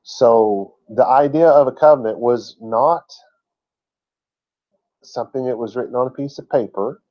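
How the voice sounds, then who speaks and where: A man's voice: mid-range voice, a little slow, muffled recording. A man teaching a word-by-word scripture lesson in a folksy, chatty way, with asides. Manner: folksy and chatty, laughs at his own asides. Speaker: Bible teacher.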